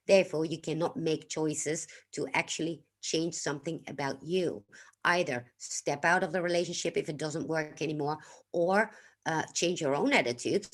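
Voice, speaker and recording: Low-voiced Dutch woman hosting a livestream. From Netherlands. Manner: unhurried, reflective, stops to greet and thank chat viewers. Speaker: livestream host. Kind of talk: casual livestream talk.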